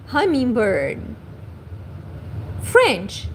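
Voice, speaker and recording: Brief: woman teacher, high animated voice, faint noise. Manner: slow, repeats each word for learners. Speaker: language teacher. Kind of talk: livestream language lesson.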